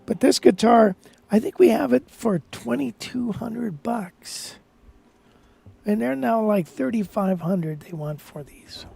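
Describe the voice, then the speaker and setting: A man's voice: high-pitched, animated, takes it slowly, gravelly, mellow. A man hosting a live guitar stream, rambling casually and thinking aloud with restarts.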